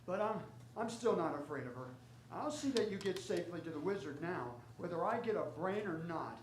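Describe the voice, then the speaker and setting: A woman's voice: lowish voice, expressive, fairly quick, a little hiss or hum, close to an everyday voice. Woman playing a jittery, folksy scarecrow. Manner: folksy, stammering, easily frightened. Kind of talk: live stage radio play. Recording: echoey theater stage.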